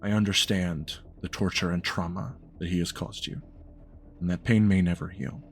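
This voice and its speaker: Cast: man doing an ancient vampire patriarch, cold, formal, low-pitched. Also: fairly even intonation, creaky, a little hiss or hum. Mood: stern. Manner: measured, formal, grave.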